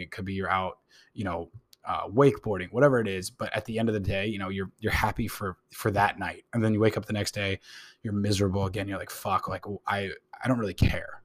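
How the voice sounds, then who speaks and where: A man with a very deep, low-pitched voice talks on his own podcast. He is a young adult, musing aloud in a loose, rambling way, leaning on "you know" and casual swearing. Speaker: podcast host. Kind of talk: casual monologue.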